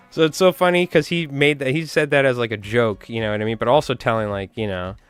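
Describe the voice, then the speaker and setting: A man's voice: mid-range voice, fairly even intonation, moderate pace, clean tone, no echo, soft background music. A man hosting a fly tying live stream, chatting casually with viewers and rambling through anecdotes with frequent chuckles. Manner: rambling storyteller, chuckles often, talks to chat.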